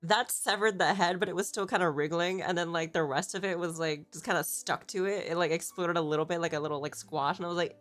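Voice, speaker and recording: A woman's voice: fairly low pitch, fairly even intonation, quick pace, few pauses, fairly bright tone, faint music behind. A woman streamer chatting casually, rambling through a story, swearing freely and laughing often. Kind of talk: casual chat.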